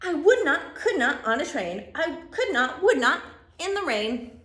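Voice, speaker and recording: A woman voicing a stubborn, defiant man who refuses loudly and emphatically during a storybook reading. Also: sits high, sing-song, unhurried, pitched above the performer's own voice, heavily acted. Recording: echoey room, distant mic.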